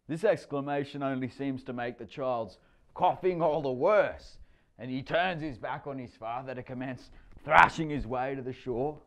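A man reads a story aloud in a wry, expressive way. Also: medium pitch, normal speed. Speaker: narrator. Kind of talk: storytelling reading.

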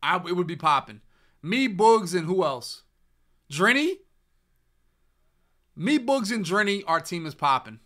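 Bright-voiced young man, casual podcast banter. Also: high-pitched, very animated, a little slow, long pauses. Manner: loose, joking trash talk. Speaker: podcast host. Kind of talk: casual chat while streaming.

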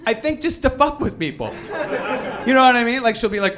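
A man doing a live stand-up set, talking in an animated way and jumping into loud mock voices when he quotes people. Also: extremely high pitch, brisk, a crowd in the background. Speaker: stand-up comedian. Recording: live club recording with audience noise. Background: audience laughter.

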